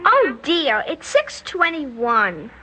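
A woman playing an eerie, polite little girl who calmly threatens a man, speaking in a prim, sing-song way in a radio drama. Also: high-pitched, drawn-out words, music in the background, heavily acted.

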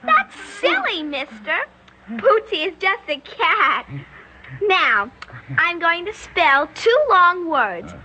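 A chillingly polite little girl, acted by a woman in a radio play, her voice high, bright and lilting. She speaks slowly and primly, with a calm, sing-song menace. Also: slight background noise, exaggerated voice. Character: eerie polite little girl with a toy gun. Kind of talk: radio drama acting.

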